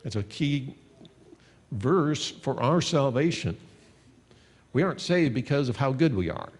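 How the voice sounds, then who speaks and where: A man's voice: mid-range voice, animated, unhurried, big-room sound. A man teaching a sermon as a pastor, earnest and conversational, reading passages of scripture aloud.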